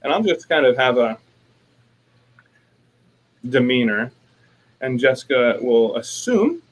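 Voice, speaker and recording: Guy cohosting a relationship chat, mid-pitched, acts out both sides when he tells a story. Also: sing-song, takes it slowly, long pauses, rough recording. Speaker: life coach co-host. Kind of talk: casual conversation.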